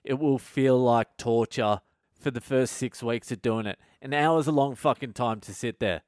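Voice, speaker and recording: A male comedian rambles through a casual podcast monologue, swearing constantly and undercutting himself with jokes. His voice sits at an everyday middle pitch. The recording is dry and close, with no room sound. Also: moderate pace, a little mellow, no echo. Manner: swears constantly, self-mocking asides.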